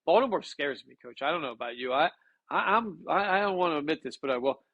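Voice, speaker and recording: A man co-hosting a casual sports betting chat, talking excitably with frequent stammered restarts. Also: fairly high pitch, fast, no echo, dull audio.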